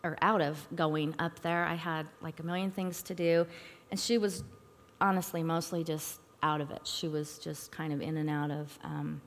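Middle-aged woman, lowish voice, earnest church testimony, halting with fillers, long hall reverb. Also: fairly even intonation. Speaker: speaker at a church talk. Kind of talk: personal testimony and storytelling.

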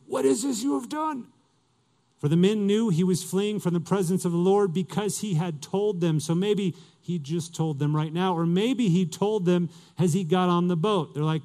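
A man's voice: high voice, mellow. A male pastor preaching a sermon in a conversational way, asking his listeners questions and reading scripture aloud.

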